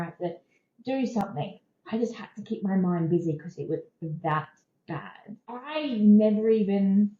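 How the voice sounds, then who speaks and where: An Australian woman in her thirties tells her own story in a candid, conversational way, often repeating a point for emphasis. Her pitch sits in the middle range for a woman. The recording is a little dull and has a roomy echo. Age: 30s. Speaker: podcast host. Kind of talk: personal storytelling.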